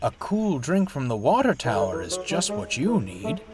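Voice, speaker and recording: A big, kind-hearted diesel engine who tries to cheer everyone up, voiced by a man. He speaks slowly, with a lively, sing-song lift to his voice. Music plays softly under him. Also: mid-range voice. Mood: cheerful. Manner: cheerful and kind, sometimes snapping. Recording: music playing behind the voice.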